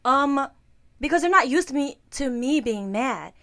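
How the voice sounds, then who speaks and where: A woman co-hosting a casual podcast, speaking candidly and expressively. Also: high voice. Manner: expressive, quick affirmations, candid. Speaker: podcast co-host.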